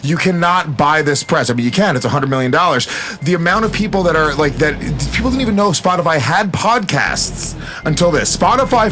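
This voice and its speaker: A man as a guest in a casual podcast chat, loud, profane and emphatic as he riffs. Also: high-pitched.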